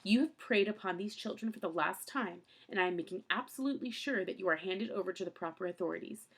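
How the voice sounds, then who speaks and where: A woman voicing a stern, fussy man who lectures firmly and shouts orders while she reads a storybook aloud. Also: mid-range voice, fast, gravelly.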